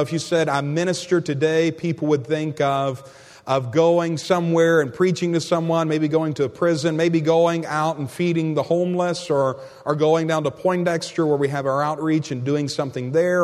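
A male pastor with a high voice delivers a sermon, pressing his points through repetition and addressing the congregation as friend. His voice rings with the long reverb of a large church hall. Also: a little mellow. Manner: emphatic, repeats key phrases, calls listeners friend.

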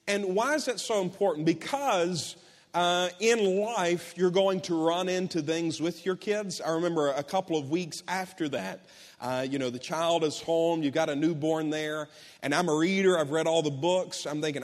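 Middle-aged male pastor, high voice, earnest storyteller, echoing sanctuary sound. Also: moderate pace. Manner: earnest, storytelling, with many restarts. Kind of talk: sermon. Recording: long hall reverb.

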